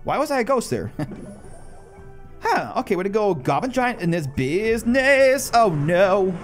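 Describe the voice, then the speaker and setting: Excitable high-voiced man narrating gameplay. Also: unhurried, faint music behind. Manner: excitable, bursts into high disbelieving shouts. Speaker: gaming channel host. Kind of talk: live gameplay commentary.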